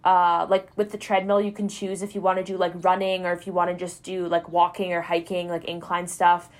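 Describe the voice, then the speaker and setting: A woman's voice: on the low side, little pitch movement, brisk. A young adult woman co-hosting a podcast, talking casually and rambling with many filler words. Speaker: podcast co-host. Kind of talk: casual chat.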